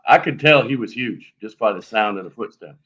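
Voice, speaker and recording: A man telling a story on a live show in a lively, animated way, acting out sounds as he goes. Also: on the low side, a little fast, highs cut off, a crowd in the background. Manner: animated, lively retelling with fillers and sound effects. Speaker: guest telling an encounter story.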